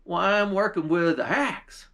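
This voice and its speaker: A man's voice: high voice, animated, a little slow, bright, forceful tone, pitched above the performer's own voice, heavily acted. A man voicing a plainspoken young country fellow. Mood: easygoing.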